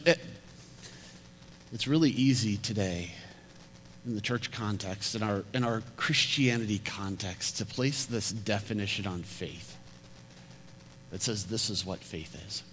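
A man preaching a sermon, retelling a Bible story with lively acted-out quotes and frequent repeated words. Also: on the low side. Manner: animated storytelling, acting out quoted voices, often repeats words. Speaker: pastor. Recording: hall reverb with faint hum.

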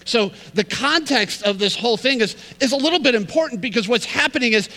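Man, pastor, sermon, high voice, long reverb, church sanctuary. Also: fast, hardly any pauses, pushed and bright. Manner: storytelling, then reads scripture and preaches with rising emphasis.

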